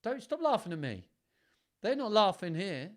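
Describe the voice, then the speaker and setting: Man, storytime host, playful asides, lively up-and-down voice, fairly high. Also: moderate pace. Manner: playful, chatty, self-mocking asides. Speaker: storyteller hosting a livestream. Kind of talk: live read-aloud with chat to viewers.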